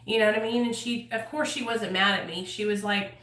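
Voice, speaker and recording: A woman's voice: medium pitch, fairly even intonation, brisk, a bit bright, far from the mic. A young woman, telling a personal story to viewers in a candid, casual way and swearing freely. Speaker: vlogger. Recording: echoey room, a little off mic.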